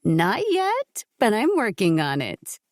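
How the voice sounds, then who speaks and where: A woman's voice: mid-range voice, wildly swooping pitch, slow pace, dry recording, clean studio sound. A woman doing a firm, teasing young wife. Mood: reassuring.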